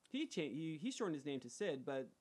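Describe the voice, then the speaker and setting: A man's voice: on the high side, fairly quick, husky. A man chatting casually as a podcast co-host, jokey and acting out people in his stories. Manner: animated, jokey, acts out voices in stories. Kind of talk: casual chat.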